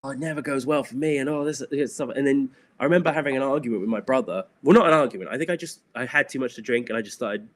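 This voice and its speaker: A man's voice: medium pitch, very fast, hardly any pauses. Candid, rambling middle-aged man. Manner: candid, rambling, laughs often, many fillers. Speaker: animator guest. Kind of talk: casual interview chat.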